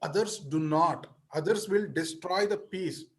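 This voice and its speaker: A man's voice: sits high, a little slow. A man in an earnest religious discussion on a video call, pleading and apologetic as he interrupts. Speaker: discussion participant.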